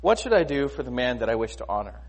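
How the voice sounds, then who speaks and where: A man voicing an ancient king, speaking in a quick, earnest way. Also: medium pitch, sing-song, slightly rough.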